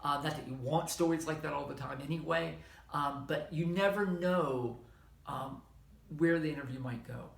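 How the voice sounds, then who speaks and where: A middle-aged man with a Southern American accent gives an informal history lecture in an echoey room, talking conversationally, correcting himself as he goes, and tossing in animated asides. His voice is on the high side and creaky, at a normal speed.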